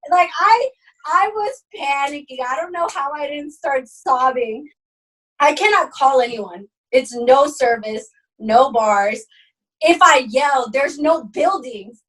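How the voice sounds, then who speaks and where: A young woman co-hosting a podcast, telling a story in casual chat, animated and swearing, acting out quotes with big jumps in pitch. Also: takes it slowly, far from the mic, slight background noise, low-quality recording. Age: young adult. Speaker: podcast co-host.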